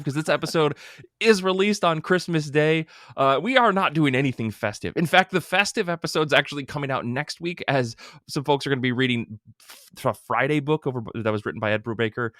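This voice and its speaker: A man's voice: on the high side, fast talker, fairly bright tone, dry recording. Man, podcast host, jokey, upbeat, dry close sound. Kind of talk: casual podcast chat.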